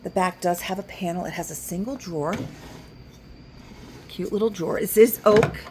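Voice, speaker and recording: Woman, low voice, antique shop owner, chatty walkthrough, faint room noise behind. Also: moderate pace. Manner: chatty, works out discounts aloud. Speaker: antique shop owner showing items for sale. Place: indoors in a large antique shop.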